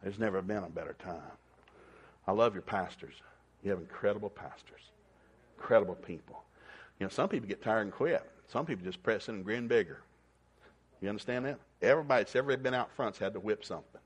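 A man's voice: a little fast, slightly rough. A man preaching a sermon in a folksy storytelling manner, acting out the people in his stories. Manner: folksy, animated, acts out characters in a shouting high voice.

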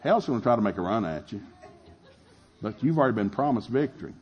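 A middle-aged man preaching a sermon, telling a family story with animated, shouted retellings. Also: fairly low pitch, fast, dull audio. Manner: animated, shouting in acted-out scenes, laughing. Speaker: pastor.

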